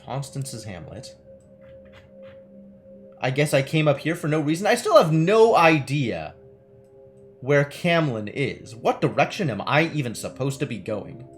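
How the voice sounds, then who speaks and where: A man's voice: mid-range voice, big pitch swings, unhurried, long pauses, soft background music. A man streaming a story game live, chatting casually between reading its text aloud. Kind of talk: casual let's-play commentary.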